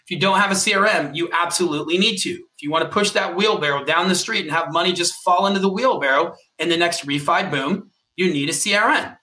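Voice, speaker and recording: A man co-hosts a podcast and coaches his listeners with emphatic, punchy conviction. His voice sits a little high and rings very bright. His delivery is forceful and motivational. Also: quick pace, hardly any pauses. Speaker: podcast co-host and mortgage coach.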